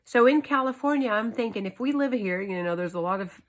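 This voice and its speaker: A woman in her thirties, a homeschooling mother, telling a story to her camera at home in an earnest, emphatic, animated way. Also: a little high, brisk. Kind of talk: casual vlog monologue. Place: indoors at home.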